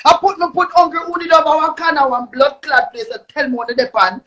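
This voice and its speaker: A young woman with a Jamaican accent ranting angrily on a live stream, cursing and shouting. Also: high-pitched, fairly even intonation, brisk, highs cut off. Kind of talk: angry live-stream rant.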